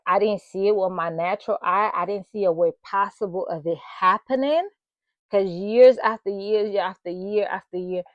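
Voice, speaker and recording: A woman's voice: mid-range voice, no echo, highs cut off. Earnest woman sharing testimony. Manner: emotional, earnest, addresses viewers directly. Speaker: channel host. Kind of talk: personal testimony vlog.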